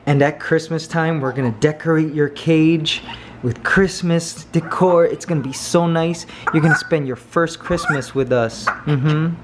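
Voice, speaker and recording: A man's voice: on the high side, unhurried, slight background noise. A man in a casual home vlog, talking playfully and coaxing his pet parrot. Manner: playful, sings snatches of carols. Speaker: vlogger.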